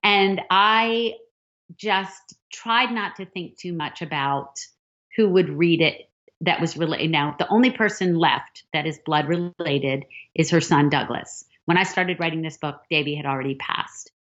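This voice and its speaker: A middle-aged woman novelist, telling stories animatedly in an interview and acting out the dialogue. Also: fairly low pitch. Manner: animated storyteller, acts out quoted dialogue. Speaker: novelist guest. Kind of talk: storytelling interview answer. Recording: dull lo-fi sound.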